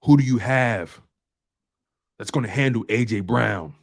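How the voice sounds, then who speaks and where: A gravelly, mid-range male voice, a little slow, hosts a live-streamed football show. He trash-talks emphatically and repetitively, loading his speech with slang.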